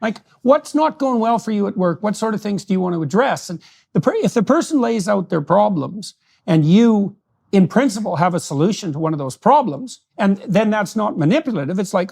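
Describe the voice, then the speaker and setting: Male host, former professor, high voice with gravel, analytical and measured. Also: animated, a little mellow. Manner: thoughtful, analytical, frequent agreeing backchannels. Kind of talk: conversational interview.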